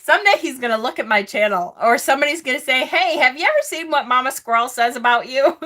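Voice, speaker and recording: Bright-toned chatty woman tarot host. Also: high-pitched, fast talker, a little hiss or hum. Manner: chatty, laughs often, snarky asides. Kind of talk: casual live-stream chat with tarot reading.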